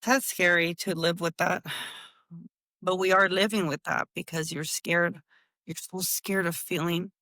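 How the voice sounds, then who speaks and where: A woman's voice: fairly low pitch, steady tone, measured pace, sharp tone, dry recording. A woman co-hosting a casual podcast, telling stories and mixing Spanish words into her English. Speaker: podcast co-host. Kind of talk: casual conversation and storytelling.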